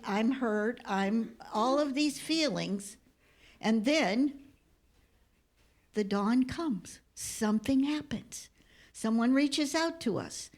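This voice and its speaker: A woman minister giving a heartfelt sermon and telling a story, sometimes dropping to a whisper. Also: medium pitch. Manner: slow, heartfelt storytelling with hushed, whispered moments. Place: church sanctuary.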